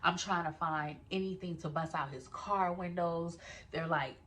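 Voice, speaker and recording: A young woman chats through a storytime vlog in a casual, animated way. She talks straight to her viewers and swears freely. Her voice sits a little low for a woman. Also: moderate pace, a little hiss or hum. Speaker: vlogger telling a story.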